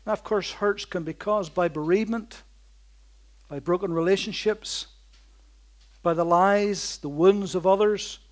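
High-voiced preacher with dramatic swings. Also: male voice. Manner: dynamic preaching, swinging from loud outbursts to slow hushed lines; repetitive, rhythmic emphasis. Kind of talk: sermon.

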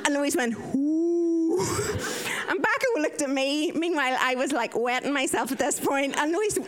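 An Irish woman in her thirties, a nurse, telling lively stories with frequent laughter and acted-out voices. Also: high voice, brisk. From Ireland. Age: 30s. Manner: lively, laughs often, acts out others' voices. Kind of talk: anecdotal storytelling.

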